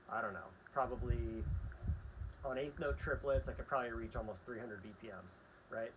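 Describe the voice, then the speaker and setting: A man's voice: mid-range voice, a little hiss or hum, rough recording. Chatty man teaching drum rhythms. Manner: relaxed, chatty, counts rhythms aloud. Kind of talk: casual demonstration lesson. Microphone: phone camera aimed at a practice pad.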